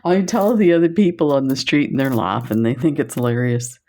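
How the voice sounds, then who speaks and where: A woman's voice: rumbling low, a little fast, a little mellow. A woman presenting beads on camera in a casual chat, telling stories and laughing often. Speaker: bead shop video presenter.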